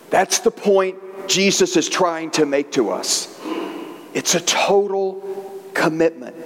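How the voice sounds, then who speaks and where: A man's voice: a little high, long reverb tail, a little hiss or hum. A man preaching a Sunday homily, telling stories with emphatic repetition. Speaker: priest.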